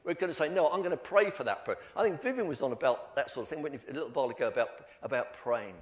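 An older man giving an informal, animated church talk, telling stories about himself with many restarts. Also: medium pitch, rapid-fire. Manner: animated storytelling, self-deprecating, many restarts. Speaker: lay preacher.

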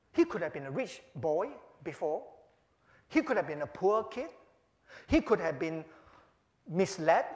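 A man preaching a sermon, talking conversationally with frequent "you know", then building to loud, emphatic peaks. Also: sits high, echoey room.

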